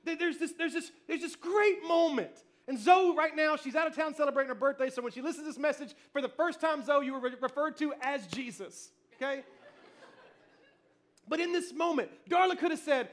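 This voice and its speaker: A male pastor preaching a sermon, telling family stories with animated energy, shouting cheers and then dropping soft. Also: very high voice, fairly quick.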